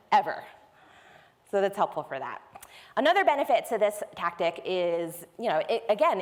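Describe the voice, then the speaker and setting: A woman giving a technical conference talk, explaining step by step in a conversational way. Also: lowish voice. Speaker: conference speaker. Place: large conference hall. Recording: long hall reverb.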